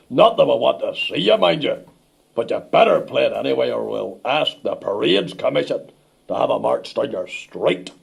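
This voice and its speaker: A man playing a blustering, crude older Northern Irish loyalist preacher with a Northern Irish accent and a gruff voice, in a comedy sketch. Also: medium pitch, lively intonation, moderate pace, exaggerated voice. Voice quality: gravelly, gruff. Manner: blunt, crude and bombastic.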